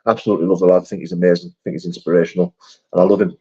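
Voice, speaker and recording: A man's voice: deep voice, little pitch movement, very fast, dark tone, husky. A man hosting a casual live chat, reading viewer comments in a matey, chummy way. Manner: chatty, matey, calls viewers mate and brother. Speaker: live stream host. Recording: dull lo-fi stream audio.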